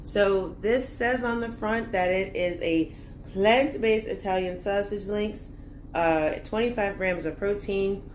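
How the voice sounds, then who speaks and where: In her home kitchen, a woman who hosts a fitness and nutrition channel reviews food labels in a chatty way, dropping jokey asides. Her mid-range voice is slow, and there's a slight hiss or hum.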